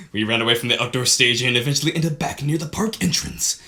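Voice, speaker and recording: A man's voice: medium pitch, sharp tone. A young man casually narrating and reading a visual novel game for his channel, playful and dramatic. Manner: playful, dramatic, laughs between lines. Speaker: gaming YouTuber.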